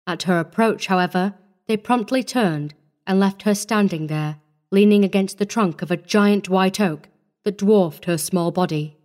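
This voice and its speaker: A woman narrates a classic short story in a measured, even manner, with a mid-pitched voice. Her delivery is steady and clear, in the way of an audiobook reading.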